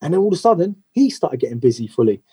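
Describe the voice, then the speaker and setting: A man, a tattoo artist, telling stories about his career in a casual, animated way as an interview guest. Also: on the high side, rapid-fire, husky, no room sound, low-quality recording. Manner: animated, acts out quoted voices.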